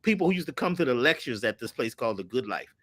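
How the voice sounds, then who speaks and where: A man with a bright, ringing voice tells his stories with lots of energy. His pitch climbs high and dips low as he acts out the people in them. He talks casually and drops slang as he goes. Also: big pitch swings, fast talker. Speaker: guest. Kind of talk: animated storytelling.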